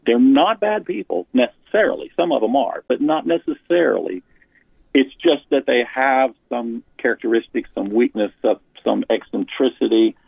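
Speaking at normal speed with vocal fry and a husky quality, a man guesting as an author and pastor discusses church leadership. The interview has phone-line sound with no echo, and his animated, medium-pitched delivery is earnest, full of frequent restarts.

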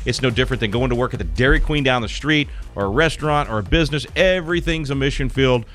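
A man's voice: mid-range voice, fast, a bit bright, soft background music. A man hosting a conservative radio talk show, speaking earnestly and preachily with many restarts and fillers.

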